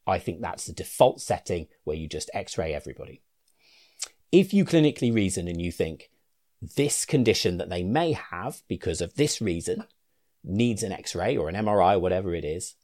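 Male clinician-educator, low and animated, conversational with asides. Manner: reasoned, conversational, with fillers and asides. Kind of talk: explanatory talk to clinicians.

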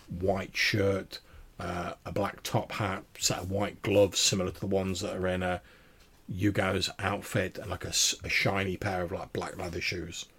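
A man's voice: low voice, fairly bright tone, husky. A man narrating as game master of a tabletop game, in a casual, descriptive way.

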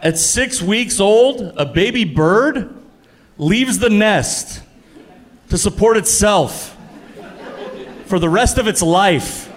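A man in his thirties doing stand-up comedy into a stage mic, his voice sitting slightly high. He delivers every line in a punchy, animated way and spikes upward whenever a punchline lands. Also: takes it slowly, pauses often. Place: comedy club stage before a laughing audience.

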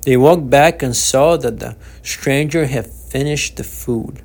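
A man reading his own novel aloud as the author, narrating in a steady, measured way. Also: mid-range voice, vocal fry. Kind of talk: audiobook narration.

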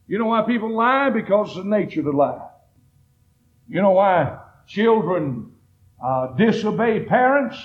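An older man preaching a sermon in a folksy manner, building to shouted emphasis. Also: sits high, big pitch swings, a little slow, pauses often. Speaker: pastor. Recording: dull lo-fi archive recording.

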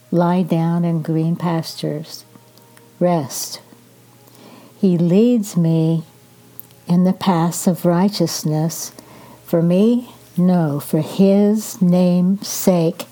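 An older woman hosting a devotional podcast, reading a psalm and reflecting on it in a gentle, measured way with pauses. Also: on the low side, steady tone. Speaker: podcast host reading scripture.

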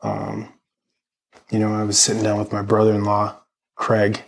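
A man's voice: lowish voice, monotone, moderate pace, slight background noise. A man in his thirties, a podcast guest, talking earnestly and casually about faith with many fillers. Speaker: podcast guest, army medic veteran.

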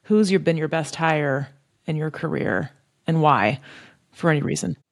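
Slightly high-voiced male podcast host. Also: moderate pace, vocal fry. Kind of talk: casual interview chat.

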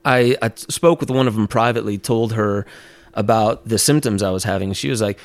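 A young man, a documentary maker on a speaking tour, tells a personal story as a podcast guest, with lively laughs and filler words. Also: on the low side, brisk, dry recording. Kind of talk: casual storytelling in an interview.

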